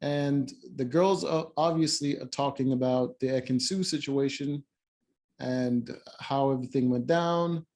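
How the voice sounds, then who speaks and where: A man's voice: mid-range voice, fairly even intonation, a little slow, a little mellow. A man recapping a reality-show episode in casual chat, rambling with lots of fillers and restarts and blunt asides. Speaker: show reviewer.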